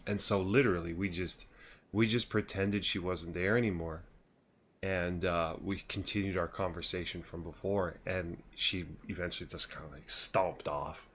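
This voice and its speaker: Brief: low male streamer, 30s, loose chatty storyteller at a desk mic. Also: steady tone, normal speed, fairly bright tone, slight background noise. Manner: rambling, laughing, with many restarts. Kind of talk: casual storytelling on a gaming livestream.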